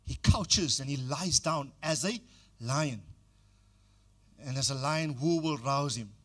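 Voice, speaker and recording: A man's voice: medium pitch, takes it slowly, a bit bright. An older man preaching a sermon as pastor, exhorting the congregation and calling on them to repeat phrases.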